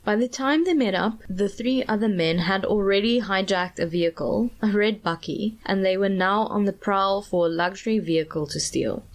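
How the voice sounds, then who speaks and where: A woman's voice: medium pitch, moderate pace, few pauses. Giggly South African woman telling a story. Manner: giggly, laughs often while telling the story. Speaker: podcast co-host. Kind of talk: chatty true-crime storytelling.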